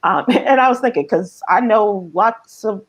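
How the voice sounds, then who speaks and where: A woman hosting a casual news discussion, thoughtful and halting, with lots of fillers. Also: medium pitch. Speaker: host.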